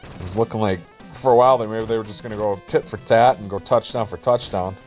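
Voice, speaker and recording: Low-voiced casual game commentator, man. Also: fast talker, faint music behind. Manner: relaxed, self-deprecating, jokey asides. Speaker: play-by-play commentator.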